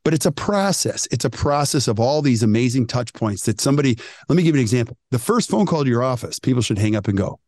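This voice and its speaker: A man coaching dental teams on a podcast, emphatic and animated, acting out what customers say. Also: mid-range voice, fast, few pauses, no room sound. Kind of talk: energetic podcast talk.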